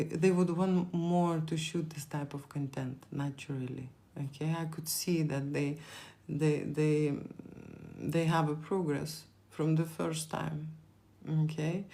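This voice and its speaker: A woman's voice: low voice, vocal fry, darkish tone. A woman from Lithuania with a Lithuanian accent, chatting on a live stream, rambling and repeating herself as she answers viewer questions. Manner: rambling, repeats words, frequent fillers.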